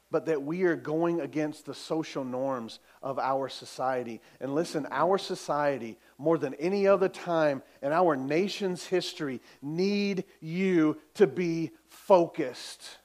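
A man's voice: on the high side, measured pace, a little mellow. A man preaching a sermon as pastor, telling a story earnestly and building to emphatic exhortation.

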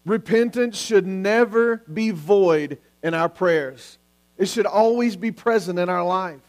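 High-voiced man preaching a sermon. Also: measured pace. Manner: earnest preaching with repeated questions, sometimes restarting words. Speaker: pastor.

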